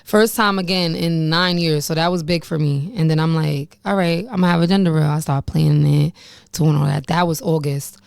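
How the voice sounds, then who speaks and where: Woman in her late twenties, low voice, smooth clear tone, dry close sound, blunt candid storytime, casual swearing. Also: steady tone, fairly quick, darkish tone, no room sound. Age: late 20s. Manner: blunt and conversational, swears freely, laughs at herself. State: pregnant. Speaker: vlogger telling her life story.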